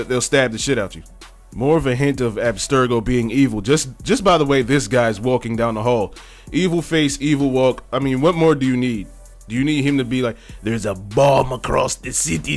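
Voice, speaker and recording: A man hosting a video, giving casual, joking commentary and laughing often. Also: medium pitch. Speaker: video host.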